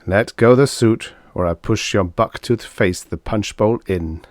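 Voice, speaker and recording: A man's voice: lowish voice, lively intonation, normal speed, no echo, studio quality, natural voice. A man doing a blustering nobleman with a thick accent. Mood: gruff. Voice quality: thick rich put-on foreign accent. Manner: growling, blustering. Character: pompous male provincial nobleman, gruff and boastful.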